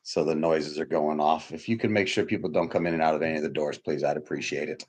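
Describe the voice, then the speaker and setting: Blunt low-voiced man preaching. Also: steady tone, quick pace, husky. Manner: blunt, emphatic, jumps to loud high bursts. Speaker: pastor. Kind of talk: sermon. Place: church hall with doors opening.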